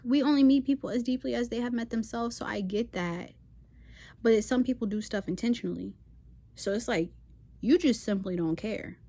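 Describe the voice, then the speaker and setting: Woman host with a higher voice, ranting defiantly to camera in casual slang and hammering her points with repeats. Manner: sassy, defiant, repetitive emphatic phrasing. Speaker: spiritual channel host. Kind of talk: impassioned unscripted rant to camera.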